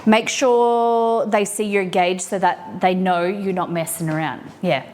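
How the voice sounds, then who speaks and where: A woman's voice: mid-range voice, fairly even intonation, measured pace, a little mellow. Chatty woman cooking live at home. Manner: chatty, playful, giggly asides. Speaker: cooking streamer. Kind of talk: casual live-stream cooking chat. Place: home kitchen.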